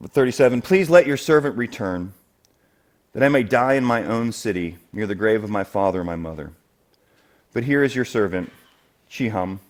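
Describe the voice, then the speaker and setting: A man preaching a sermon as the church's elder, conversational and animated, jumping much higher and louder when he acts out quoted speakers, then dropping to a quiet, earnest tone to urge his listeners. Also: moderate pace. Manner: animated, acts out quoted voices with big jumps in pitch and loudness. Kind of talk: expository sermon. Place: church sanctuary.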